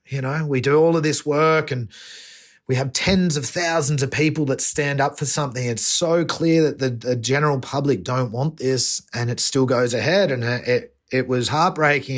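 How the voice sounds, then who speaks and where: Earnest Australian man, halting and emotional. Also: mid-range voice, fairly bright tone. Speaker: environmental activist guest. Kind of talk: podcast interview.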